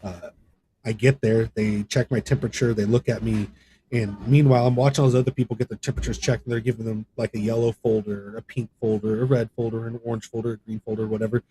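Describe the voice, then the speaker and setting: A man's voice: on the low side, little pitch movement, fast, mellow, slight background noise. A man guest on a podcast, telling a personal story in a rambling, conversational way, full of fillers and restarts. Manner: voice rises sharply when reenacting others. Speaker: podcast guest, gaming content creator. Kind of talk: casual storytelling.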